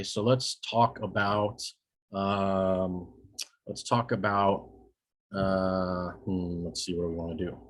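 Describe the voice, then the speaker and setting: Low-voiced man teaching a casual lecture. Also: fairly bright tone. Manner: casual, self-correcting, checks in with "okay?". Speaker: EMS instructor. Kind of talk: recorded screen-share lecture.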